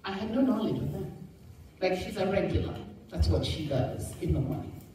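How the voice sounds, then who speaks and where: A woman's voice: lowish voice, moderate pace. Woman, motivational speaker, storytelling, very echoey room, distant mic, faint noise. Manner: animated, laughing, acts out quoted voices. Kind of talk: storytelling talk to a live audience.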